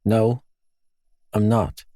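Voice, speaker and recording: Slow-reading male audiobook narrator. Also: fairly low pitch, flat delivery, dark tone, no echo, studio quality. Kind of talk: first-person audiobook narration.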